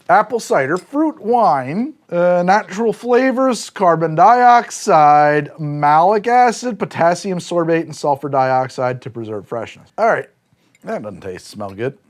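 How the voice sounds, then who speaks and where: Animated sarcastic man reviewing ciders. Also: a little high. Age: adult, says he is not that old. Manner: animated, sarcastic, scolds the drinks directly. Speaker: drinks show host. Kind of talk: comedic tasting review.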